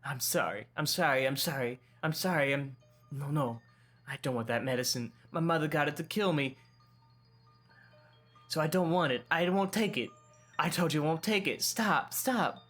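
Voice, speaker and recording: A man reads a visual novel aloud, pitching his voice above his own natural one to play a tormented teenage girl sliding into paranoid delusion. The voice is fairly high and a bit bright at normal speed, frantic as she repeats herself obsessively and pleadingly, with soft music in the background.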